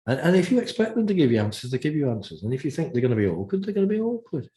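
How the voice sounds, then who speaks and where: A man, a guest practitioner, telling lively stories in casual chat and acting out the dialogue. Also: on the high side, racing, echoey room. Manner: animated, acts out dialogue in stories.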